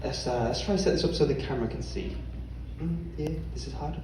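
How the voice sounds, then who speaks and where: A man's voice: mid-range voice, fast talker, mellow, slight background noise. A man hosting a live stage game as game master, playful and often laughing. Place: stage before a live audience. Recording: echoey hall, far mic, crowd.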